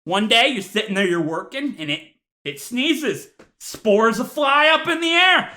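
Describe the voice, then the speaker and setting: A man doing a comedic rant to camera, mock-outraged with deadpan asides, sighs and laughs. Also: extremely high pitch, measured pace. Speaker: YouTuber.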